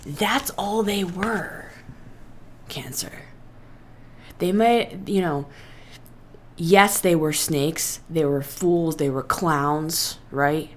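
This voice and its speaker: A woman giving a casual tarot reading, talking deliberately and meditatively straight to the listener. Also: deep voice, a little hiss or hum. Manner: deliberately slow, meditative and talkative, addressing the listener directly. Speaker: tarot reader.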